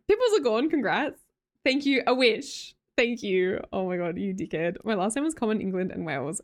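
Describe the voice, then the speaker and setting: A young Australian woman live streamer chatting casually with her viewers, reading their messages aloud, laughing often and swearing freely. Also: medium pitch.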